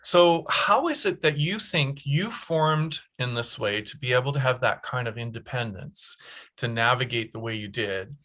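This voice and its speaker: Male interviewer, bright tone, mid pitch; thoughtful, probing questions. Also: normal speed. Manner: thoughtful, searching for words. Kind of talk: interview conversation.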